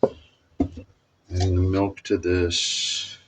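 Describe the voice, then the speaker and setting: Extremely slow and monotone, a low-voiced cooking vlogger talks through a recipe in his home kitchen, rambling, chatting and correcting himself. Heavy background noise fills the clip.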